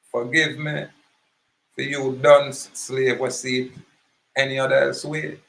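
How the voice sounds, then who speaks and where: A man's voice: mid-range voice, flat delivery, unhurried, creaky, pauses often, fairly bright tone, poor audio. A man with a Jamaican accent giving an impassioned, preachy monologue, emphatic and repetitive. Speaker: activist speaker.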